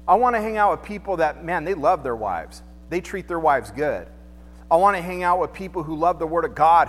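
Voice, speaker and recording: A man preaching a sermon in a church, talking in a loose, conversational way and throwing out rhetorical questions. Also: fairly high pitch. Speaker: pastor. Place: church sanctuary. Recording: long hall reverb, faint music behind.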